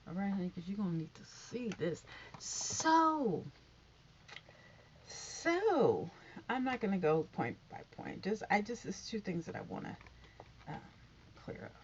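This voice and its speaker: A woman's voice: medium pitch, sing-song, a little slow, long pauses, a little hiss or hum. A woman vlogger giving a sassy, repetitive commentary rant about an interview she watched, calling the viewer honey and girl. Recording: muffled lo-fi sound.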